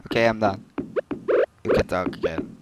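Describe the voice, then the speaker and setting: A man casually chatting and explaining gameplay while he plays, with loud noise in the background. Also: fairly low pitch, moderate pace, over loud music, rough recording. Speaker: gameplay video host. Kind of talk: game commentary.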